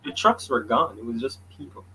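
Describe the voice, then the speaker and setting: A man from Jamaica holds forth in a relaxed sports chat. He is blunt and opinionated, mixing jokes into his takes, at an ordinary middle pitch. Faint noise sits under the recording. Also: fairly quick, low-quality recording. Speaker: podcast co-host.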